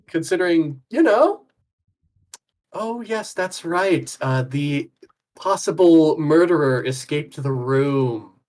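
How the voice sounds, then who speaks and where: A man's voice: on the high side, slow pace, darkish tone. A man streaming, chatting casually with dry jokes and explaining things. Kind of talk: casual chat during a game voice-over.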